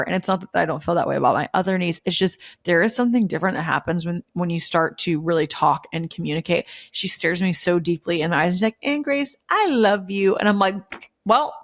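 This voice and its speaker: Emotional and gushing, a thirtysomething podcast host from Memphis, USA, chats casually and leans heavily on fillers such as "like" and "um." She has a voice a little low for a woman, and the recording is close and dry, with no surrounding room.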